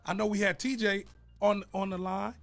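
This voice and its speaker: An excitable man co-hosting a morning radio show, hyping listeners up to call in. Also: high voice, moderate pace, dry recording. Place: radio studio.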